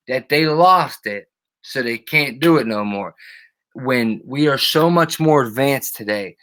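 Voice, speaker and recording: A man's voice: medium pitch, expressive, a little slow, a bit bright. A man hosting a live stream, ranting casually and profanely and greeting his chatters by name.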